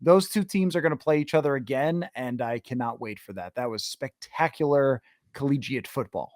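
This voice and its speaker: A man hosting a sports podcast, ranting in animated, sarcastic casual chat. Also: medium pitch, moderate pace, no room sound, studio quality. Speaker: podcast host.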